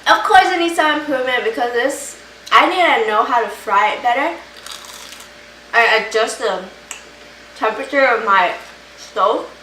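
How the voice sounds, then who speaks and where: A woman's voice: fairly high pitch, moderate pace, long pauses, pushed and bright, reverberant, recorded from a distance, slight background noise, rough recording. A woman chatting casually in a home cooking vlog, enthusiastic as she cooks and tastes her food. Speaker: home cook vlogger. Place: home kitchen.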